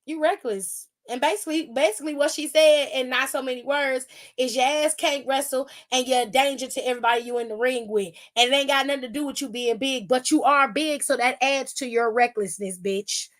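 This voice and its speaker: A woman's voice: high-pitched, brisk. A young woman hosting a podcast, giving a blunt, profane recap and acting out other people's lines. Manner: blunt, profane, with acted-out quotes. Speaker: podcast host. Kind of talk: casual wrestling recap.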